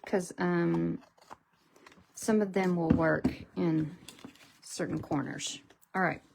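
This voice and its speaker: Slow-talking woman with a gravelly voice. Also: on the low side, slight background noise. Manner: chatty, unhurried, thinks aloud while working. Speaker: card-making host. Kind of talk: casual crafting tutorial.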